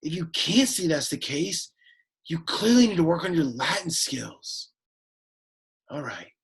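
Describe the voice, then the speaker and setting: Brief: man putting on a bored, sulky teenage boy teaching Latin, slow, croaky, very husky drawl. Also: on the high side, exaggerated voice. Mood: exasperated deadpan. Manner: deadpan, whiny, easily annoyed. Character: sullen awkward teenage boy, exasperated and bored. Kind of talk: Latin lesson in character.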